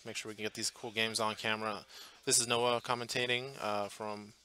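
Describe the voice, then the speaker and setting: A man's voice: on the low side, little pitch movement, brisk, bright, forceful tone. A man commentating live on a tabletop tournament match, chatty and thinking aloud with fillers and restarts, from a booth at the event. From Portland area, US.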